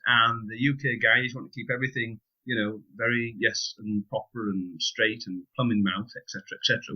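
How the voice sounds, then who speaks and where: A man co-hosting a business podcast, chatting casually and explaining with lively asides and light humour. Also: medium pitch, muffled recording. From United Kingdom. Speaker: podcast co-host.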